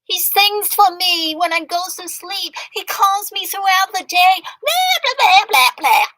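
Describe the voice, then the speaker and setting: Woman putting on a high mocking voice of a needy girl swooning over her man. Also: animated, a little slow, sharp tone, heavily acted. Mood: mocking gush. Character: needy lovestruck woman gushing about a boyfriend.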